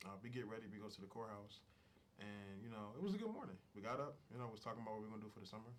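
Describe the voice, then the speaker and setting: A man's voice: fairly low pitch, level tone, racing, fairly bright tone, a little hiss or hum. A young man telling his personal story as an interview guest, frank and emotional, with casual slang and plenty of fillers.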